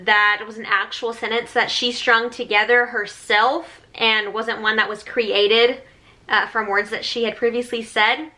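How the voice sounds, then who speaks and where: A woman's voice: on the high side, little pitch movement, measured pace, sharp tone, a little hiss or hum. A young adult woman giving a chatty, sarcastic recap of a reality show as a vlogger, full of mock enthusiasm. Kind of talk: casual sarcastic recap commentary.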